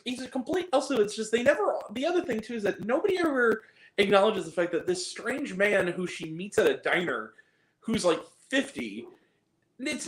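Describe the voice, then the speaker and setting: A man's voice: high-pitched, echoey room, low-quality recording. A man giving a casual spoken film review, ranting and swearing in exasperation. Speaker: movie reviewer.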